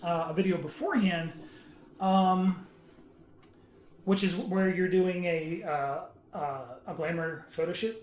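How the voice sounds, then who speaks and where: A man in casual podcast chat, explaining earnestly with halting, restarting sentences. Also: high-pitched. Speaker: podcast panelist. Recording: roomy echo.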